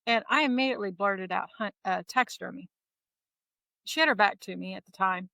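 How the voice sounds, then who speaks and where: Middle-aged woman, interview guest, bright and clear tone, dry close sound, animated storyteller who voices the people she quotes. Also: mid-range voice, quick pace, no echo, low-quality recording. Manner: lively retelling that acts out quoted dialogue. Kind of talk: casual conversational storytelling.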